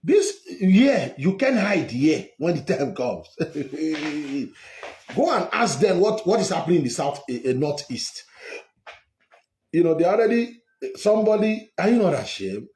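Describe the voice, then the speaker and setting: Man, political rant, mocking and scolding, repeats himself, lively swinging pitch, echoey room. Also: measured pace, a little hiss or hum. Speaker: online political commentator. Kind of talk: heated political monologue.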